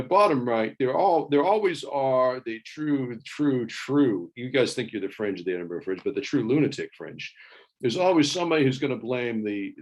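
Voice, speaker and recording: A man giving an online talk with slides, in a wry and halting way, with many fillers and restarts. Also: lowish voice. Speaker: invited speaker.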